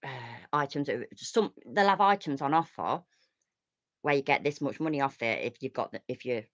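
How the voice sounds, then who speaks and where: A woman's voice: very deep voice, expressive, moderate pace, no echo, muffled recording. A woman hosting a casual livestream chat, ranting and swearing freely. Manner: ranty, sweary, chatty. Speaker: host.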